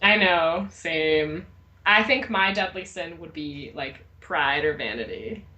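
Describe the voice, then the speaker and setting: A woman's voice: low voice, takes it slowly, sharp tone. A young woman co-hosting a casual review chat, bubbly and giggly. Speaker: co-host.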